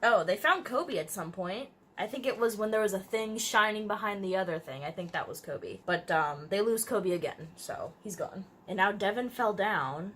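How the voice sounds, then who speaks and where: A woman's voice: medium pitch, animated, normal speed, few pauses, a bit bright, a little hiss or hum. A young woman, an author, reads her childhood story aloud and comments on it, amused and laughing often at her old writing. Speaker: author and vlogger.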